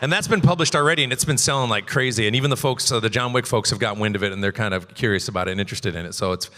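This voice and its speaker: A quick-talking man with a bright, forceful voice and a slightly low pitch tells rambling, animated stories on a convention stage. His voice carries the long reverb of a large hall. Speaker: voice actor on a convention panel. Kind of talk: casual panel talk.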